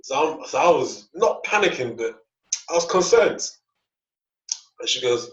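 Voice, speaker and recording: A man's voice: medium pitch, sing-song, measured pace, long pauses, a bit bright. Young male podcast co-host, casual storyteller, stammers and plays out the dialogue; distant, roomy, muffled recording. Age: young adult. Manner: rambling, repeats words, acts out dialogue. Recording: echoey, distant, dull lo-fi mic.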